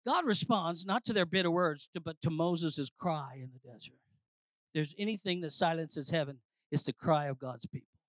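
A preacher delivering a sermon, swinging between shouted declarations and low, quiet lines, calling out to the congregation. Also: moderate pace, no echo. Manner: calls out to the congregation.

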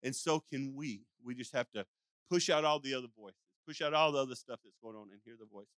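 A man's voice: medium pitch, brisk, a bit bright, dry recording. An older man preaching a sermon in a folksy, rambling storytelling way, acting out calls and sheep sounds with frequent restarts and asides. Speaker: pastor.

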